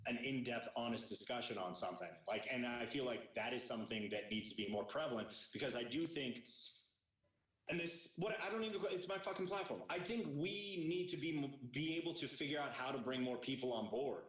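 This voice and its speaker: A man's voice: medium pitch, brisk, fairly bright tone, recorded from a distance. A man hosting a comedy podcast, talking in a rambling, hesitant, thoughtful way. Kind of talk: casual podcast chat. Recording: echoey room, voice off mic.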